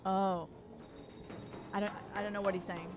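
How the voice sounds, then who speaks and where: A woman's voice: mid-range voice, flat delivery, normal speed, music in the background. A young woman streaming a game, chatting casually with viewers, reacting aloud and swearing now and then. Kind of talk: casual gaming stream chat.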